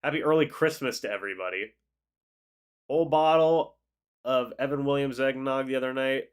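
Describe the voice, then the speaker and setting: His medium-pitched voice has a clean tone at normal speed. Congested after the flu, the young man hosts a sports livestream in an easygoing, chatty way, reading and responding to viewer messages.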